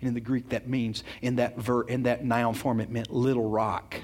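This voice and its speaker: A man's voice: mid-range voice, flat delivery, moderate pace, hardly any pauses, darkish tone. A man preaching a sermon, earnest and emphatic, often repeating words as he goes and putting questions straight to his congregation. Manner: addresses the congregation directly with questions.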